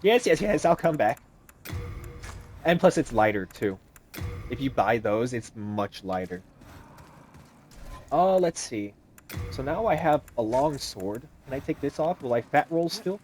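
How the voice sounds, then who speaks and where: A young man giving casual, animated commentary over a video game, joking and talking back to the characters on screen. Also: mid-range voice, unhurried, long pauses, a little hiss or hum. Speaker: gaming YouTuber.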